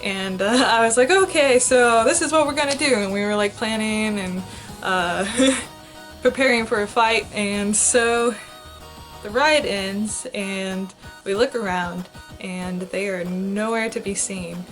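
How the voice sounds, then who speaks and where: Young adult female vlogger, animated storyteller, light laughs, faint music bed. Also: slow pace. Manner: animated, giggly, acts out quotes with big pitch jumps. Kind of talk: casual storytime vlog.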